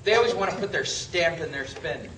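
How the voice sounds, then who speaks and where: A high, bright-voiced man delivers an emphatic seminar lecture, firing off rhetorical questions. He is picked up from across a large echoey room. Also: animated, brisk, recorded from a distance, slight background noise. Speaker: real estate trainer.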